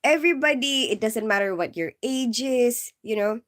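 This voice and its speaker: Woman streamer, high and very lively voice, unhurried, giggly, rambles through casual chat. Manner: giggly, keeps bursting into laughter; rambling, heavy on "like" and "you know". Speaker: live streamer and nurse.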